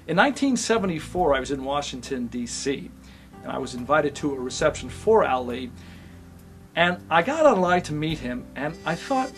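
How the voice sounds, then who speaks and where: An older man tells stories in an animated monologue, as an actor would on a slate reel. His voice sits fairly high and grows soft and reflective in the quieter stretches. Music plays clearly behind him. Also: normal speed. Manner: animated storyteller who acts out scenes, turning quiet and reflective. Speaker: actor and acting teacher.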